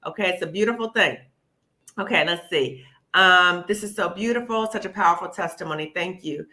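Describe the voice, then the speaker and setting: Bright-voiced encouraging woman host. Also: on the low side, brisk. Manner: encouraging, emphatic, repeats "okay?" and "sis". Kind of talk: live panel discussion.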